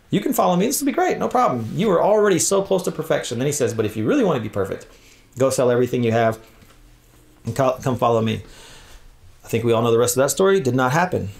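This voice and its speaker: A man giving a lively conference talk on church leadership in a sermon-like style, acting out scripture quotes in changing voices. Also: medium pitch, creaky. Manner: animated, acts out scripture voices.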